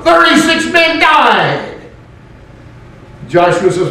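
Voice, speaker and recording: A male pastor preaching a sermon in an animated way, with joking asides. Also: sits high, takes it slowly, a little hiss or hum. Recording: very echoey room, mic far off.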